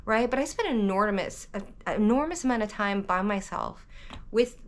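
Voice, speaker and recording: Southern lady rambling on about tarot, animated, keeps cutting herself off. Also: medium pitch, moderate pace. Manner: rambling, animated, self-interrupting. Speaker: tarot reader vlogger. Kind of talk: casual rambling vlog monologue.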